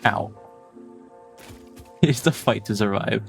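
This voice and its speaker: A man's voice: on the low side, slow, vocal fry, faint music behind. A man streaming a game live, chatting casually in a playful, jokey, self-deprecating way and laughing often.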